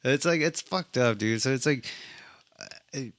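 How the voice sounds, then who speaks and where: A man's voice: mid-range voice, normal speed, fairly bright tone, dry recording. A man casually recapping a film, laid-back and swearing freely. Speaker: movie reviewer. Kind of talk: casual chat.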